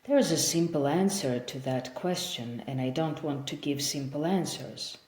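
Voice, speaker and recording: Woman reading as a sad, gentle old vampire man. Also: low voice, close to an everyday voice. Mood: gentle, wistful. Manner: soft, measured, wistful storytelling. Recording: roomy echo.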